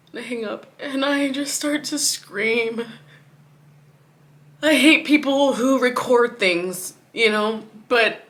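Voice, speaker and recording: A woman vlogger telling a personal story in grief, swinging between hushed words and a raised voice. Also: mid-range voice.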